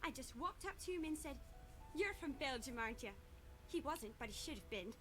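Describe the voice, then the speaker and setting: A woman's voice: high voice, lively intonation, fairly quick, sharp tone, soft background music. A bubbly, nosy girl. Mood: excited. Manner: bubbly, overfamiliar. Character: chatty, nosy young Scottish woman. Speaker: game character.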